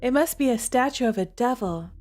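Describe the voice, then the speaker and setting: A woman streamer reading a dark visual novel aloud, chatty and dramatic between lines. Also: on the high side, fairly quick, soft background music. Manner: chatty, animated, dramatic narration. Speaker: game streamer.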